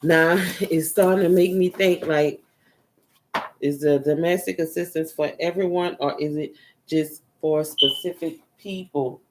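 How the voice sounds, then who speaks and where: This spiritual reader, a woman with a deep voice, speaks in a steady tone at a measured pace, with background noise behind her. Her casual energy reading wanders loosely and repetitively, slipping into murmurs as she looks through a book.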